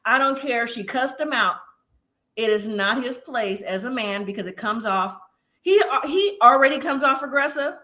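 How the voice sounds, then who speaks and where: A woman's voice: fairly high pitch, expressive, normal speed, sharp tone. A woman hosting a casual live review chat, opinionated and chatty, laughing often. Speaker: host.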